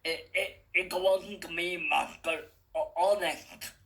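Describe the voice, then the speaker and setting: A man voicing a big strongman servant with a put-on Russian accent, speaking slowly and heavily. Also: medium pitch, level tone, creaky, a bit bright. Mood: deliberate.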